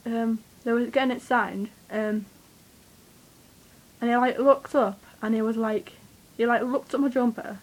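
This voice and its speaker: A young woman tells a story straight to her camera in a rambling, excitable way. Her voice sits a little high, and she swears casually and fills her pauses with ums and likes. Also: poor audio. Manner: rambling, excitable, swears freely, many fillers. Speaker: vlogger.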